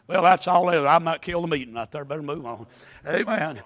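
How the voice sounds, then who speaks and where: A man preaching a fiery sermon, with a weak, worn voice, swinging from folksy asides into chanted, shouted climaxes. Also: fairly high pitch, brisk.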